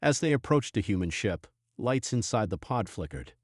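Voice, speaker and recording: A man reading a science fiction story in a steady, measured storytelling voice. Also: fairly low pitch, dry recording, studio quality. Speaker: narrator. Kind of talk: scripted sci-fi narration.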